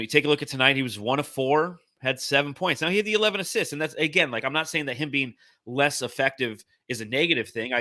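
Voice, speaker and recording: Bright-voiced man co-hosting a sports podcast. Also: medium pitch, no echo, studio quality. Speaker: podcast co-host. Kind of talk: casual sports chat.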